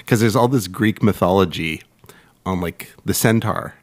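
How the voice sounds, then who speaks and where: A man's voice: low-pitched, normal speed. A man co-hosting a podcast in casual chat, laughing often and restarting his sentences. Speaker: podcast co-host.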